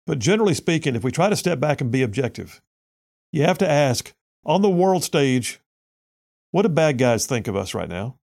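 A man's voice: mid-range voice, big pitch swings, brisk, creaky, darkish tone. A man hosting a conservative talk radio show, reading listener messages aloud and giving blunt, opinionated commentary with frequent restarts.

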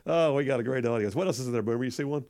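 Gravelly-voiced male radio talk host. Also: mid-range voice, very fast, no echo. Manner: animated, quotes movie lines with gusto. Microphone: studio microphone.

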